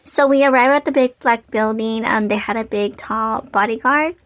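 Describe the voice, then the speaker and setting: A woman telling an animated story for a vlog, full of "like" fillers. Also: a little high, normal speed, no echo. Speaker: vlogger.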